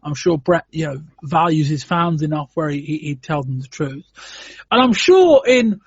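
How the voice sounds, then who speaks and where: A man with a high, husky voice hosting a casual podcast chat, weighing his points aloud with plenty of "um"s and false starts. The sound is dry and dull, like lo-fi podcast audio. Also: expressive, normal speed, dry recording. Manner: thoughtful, hedging with frequent "um" and restarts. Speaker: podcast host.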